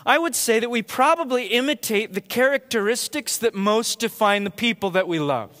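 A man preaching a sermon to his church in a conversational, storytelling way, getting animated when he imitates others. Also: extremely high pitch, normal speed, long reverb tail. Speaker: pastor. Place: church sanctuary.

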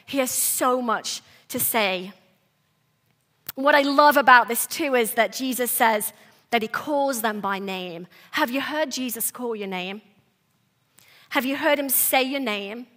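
A woman pastor giving a sermon, earnest and soft-spoken, breaking into animated, quick asides. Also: fairly high pitch.

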